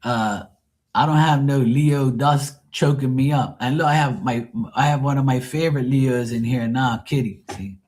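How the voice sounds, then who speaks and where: A man with a medium-pitched, darkish voice talks at a moderate pace while hosting a live tarot stream. He chats casually with viewers, and his manner is blunt, profane and rambling.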